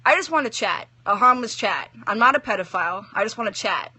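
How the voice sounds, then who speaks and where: A woman's voice: mid-range voice, expressive, brisk, sharp tone, slightly rough, no echo, full character voice. Woman reading as Death, a grumpy cloaked reaper. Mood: flustered. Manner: exasperated, snappish, easily flustered.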